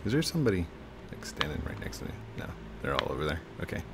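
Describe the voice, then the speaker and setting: A man's voice: sits low, sing-song, fast talker, creaky, very noisy. A man hosting a gameplay video, chatting casually while he plays, teasing his guest and laughing often. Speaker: gaming video host.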